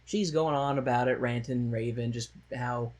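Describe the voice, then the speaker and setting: A man's voice: medium pitch, fairly even intonation, moderate pace. A man co-hosting a podcast, recapping a musical in rambling, jokey casual chat with the odd mocking put-on voice. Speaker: podcast co-host.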